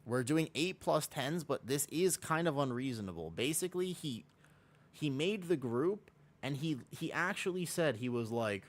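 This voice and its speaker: Chatting casually with viewers during a gaming livestream, this man speaks at a moderate pace with a fairly high, animated voice. He's a bit under the weather with a sore throat, and his talk rambles with frequent self-corrections.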